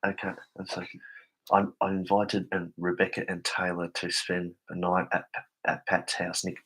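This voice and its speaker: A man's voice: deep voice, monotone, moderate pace, fairly bright tone, husky, low-quality recording. An Australian man hosting a casual late-night live stream, stammering as he reads chat messages aloud and keeping his voice down for people asleep. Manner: keeps voice down, people sleeping. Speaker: livestream host.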